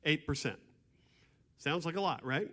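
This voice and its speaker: A man giving an explanatory lecture with slides to an audience, halting, with frequent restarts and throat clearing. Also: on the high side, lively intonation, fairly bright tone. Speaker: presenter at a church civics class. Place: meeting room with an audience. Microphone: microphone.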